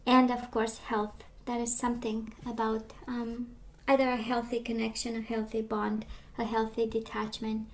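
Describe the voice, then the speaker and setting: Woman, tarot reader, slightly high voice, hoarse from losing her voice, soft and reassuring, faint noise behind. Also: completely flat delivery, moderate pace, few pauses. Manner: gentle, reassuring, with frequent fillers. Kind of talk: tarot reading to camera.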